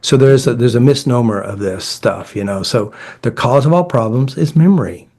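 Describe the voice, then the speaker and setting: In a medium-pitched voice at normal speed, a middle-aged therapist who devised a healing method swaps stories in a casual talk. His phrasing is folksy and direct, and he animatedly voices the people he quotes.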